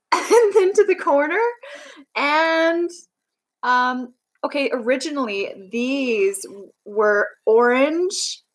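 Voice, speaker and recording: Heard on a low-quality recording, a young woman from Canada with a high voice hosts a livestream. She chats casually in a bubbly, rambling way while reading viewer comments aloud.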